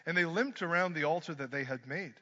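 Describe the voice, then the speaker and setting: A man preaching a sermon, swinging from hushed lines to loud ones and mixing in joking asides. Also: on the high side, a little fast. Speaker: pastor. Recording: dull lo-fi sermon recording.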